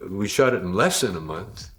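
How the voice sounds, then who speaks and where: A comedian telling rambling stories in an interview, often laughing. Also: male voice, deep voice, animated, normal speed, fairly bright tone. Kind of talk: anecdotal interview storytelling.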